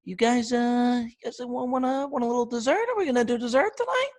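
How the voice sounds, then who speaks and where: A timid male waiter, as a comedian acts him out stammers in a voice pushed very high. He stumbles over his words and sounds unsure of himself, with a pace that lurches unevenly. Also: lively intonation, fairly quick.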